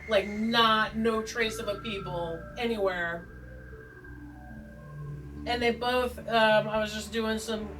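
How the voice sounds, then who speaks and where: Chatting loosely in her tarot video, a woman rambles with jokes, self-deprecation and many side comments. Her mid-range voice has a fairly bright tone, but the distant mic yields a low-quality recording, and faint background music is audible.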